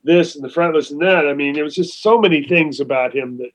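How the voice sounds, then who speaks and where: A man's voice: on the high side, fast. A man in a casual chat about music, rambling through his points and teasing the others. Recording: slightly muffled audio.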